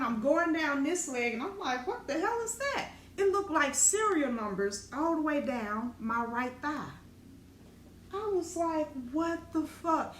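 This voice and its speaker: A middle-aged woman, a spiritual teacher, telling a raw personal story in an animated, profane, dramatic way. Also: high voice. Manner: animated, profane, dramatic retelling with colloquial speech. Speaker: spiritual teacher and business owner. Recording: echoey room with faint ambient noise.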